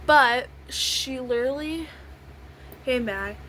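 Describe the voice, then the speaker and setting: A woman's voice: high voice, slow, sharp tone, slight background noise, poor audio. Chatty young woman telling a story. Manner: rambling, repeats "literally" and "I was like". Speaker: vlogger. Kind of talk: casual storytelling while doing makeup.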